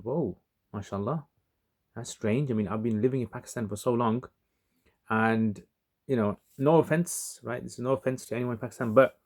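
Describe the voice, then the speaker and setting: A man's voice: lowish voice, darkish tone. A man vlogging, telling a personal story in a casual, chatty way, with many asides, fillers and religious phrases. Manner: reflective, religious turn of phrase.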